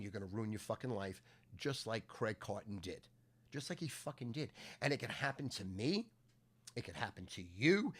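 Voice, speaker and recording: Loud, crude man ranting in bursts. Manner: loud, crude, swings between low grumbling and shouting. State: voice going hoarse. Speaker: sports handicapper and podcast host. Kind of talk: profane ranting monologue.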